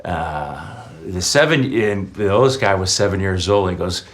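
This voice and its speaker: Low-voiced man telling stories. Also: animated, moderate pace. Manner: reflective, tells personal anecdotes. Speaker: interview guest. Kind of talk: conversational interview answers.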